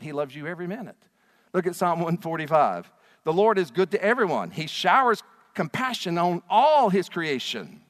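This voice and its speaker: A man preaching a sermon to his congregation in a church, emphatic and animated, with frequent rhetorical questions. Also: high-pitched, normal speed. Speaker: pastor. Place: church sanctuary. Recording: long reverb of a large hall.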